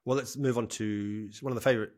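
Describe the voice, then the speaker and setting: A man hosting a casual football podcast, briskly moving topics along and putting questions to his guests. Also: medium pitch, steady tone, darkish tone. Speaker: podcast host.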